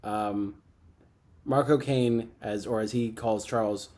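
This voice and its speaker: A man's voice: lowish voice, fairly even intonation, slow pace, darkish tone. Man recapping scenes on a podcast. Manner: recaps scenes, acting out lines in mock voices. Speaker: podcast co-host. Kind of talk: casual pop-culture chat.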